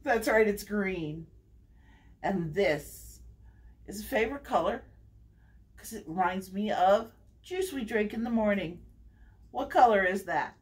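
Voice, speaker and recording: A woman's voice: mid-range voice, lively intonation, a little slow, long pauses. A woman who works as a children's librarian, reading a picture book aloud for an online storytime. She talks in a sing-song way, asks the children to join in and makes the animal sounds herself.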